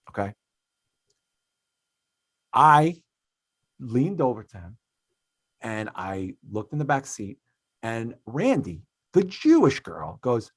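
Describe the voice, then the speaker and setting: A man in his thirties hosting a podcast, telling a story in an animated, profane way, swinging between loud and quiet. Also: mid-range voice, normal speed, long pauses, dry recording. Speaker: podcast host. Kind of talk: casual podcast chat.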